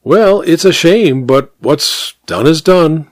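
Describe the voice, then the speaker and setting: Man reading as a genial gentleman, breezy, reassuring, slightly raised voice, dry close sound. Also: fairly high pitch, expressive, slow, dry recording, voice pushed up. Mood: easygoing.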